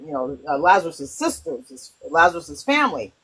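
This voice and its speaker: A woman with a low, husky voice shares stories and ideas in a spiritual chat. She talks in an animated way and often stops to restart her sentences. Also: moderate pace, rough recording. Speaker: host. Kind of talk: spiritual conversation, storytelling.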